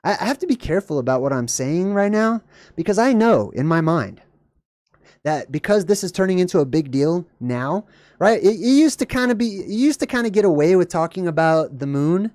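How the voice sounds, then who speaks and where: A man hosting a casual video, commenting in a jokey, animated way. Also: a little fast, dry recording, clean studio sound. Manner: animated, jokey, voice jumps high when excited. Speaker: video host.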